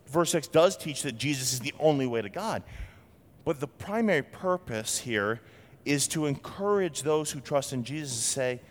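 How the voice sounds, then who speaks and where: A man preaches from the pulpit, his delivery animated and dramatic as he acts out the voices he quotes. His voice sits in a middle register, and it rings with the long reverb of a large hall. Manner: animated, acts out quotes with big swings in pitch. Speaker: pastor. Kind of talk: sermon.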